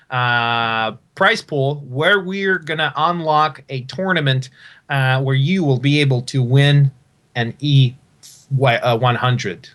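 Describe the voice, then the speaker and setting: A man commentating a live esports tournament, excitable, laughing easily and filling gaps with fillers. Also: a little high. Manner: rapid play-by-play calls.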